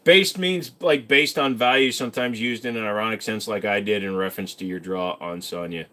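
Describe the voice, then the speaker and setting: A man's voice: fairly low pitch, a little fast, bright, forceful tone. Joking man hosting a livestream chat. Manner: loose, jokey and self-mocking, reads chat questions aloud then answers; knowledgeable about handguns, explains in detail. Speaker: livestream host answering chat questions.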